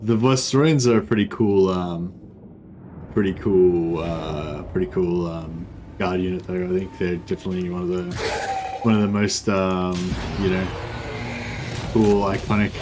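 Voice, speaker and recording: A man's voice: low voice, a little slow. A man streaming a strategy game, commenting casually in a rambling, self-interrupting way and swearing now and then. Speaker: gaming streamer. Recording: steady background noise.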